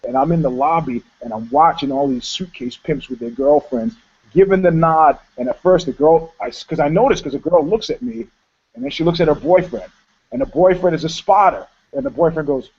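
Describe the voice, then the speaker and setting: A man telling a profane, animated story in a casual chat, laughing along as he goes. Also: fairly high pitch, brisk, husky. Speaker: co-host. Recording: dull lo-fi sound.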